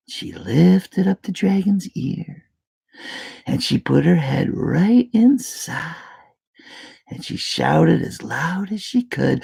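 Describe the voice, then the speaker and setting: Woman reading a storybook aloud to kids, very expressive, slow and deliberate, playful hushed asides. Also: sits low, gravelly, breathy edge. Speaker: children's book reader. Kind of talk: reading a picture book aloud to children.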